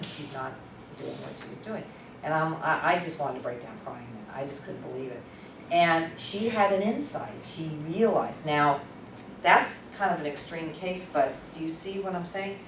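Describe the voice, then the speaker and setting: Woman presenter, candid storyteller, lowish voice, far-off mic in a noisy room. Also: normal speed, roomy sound. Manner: animated, conversational, candid. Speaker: workshop presenter. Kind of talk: storytelling teaching talk. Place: workshop room.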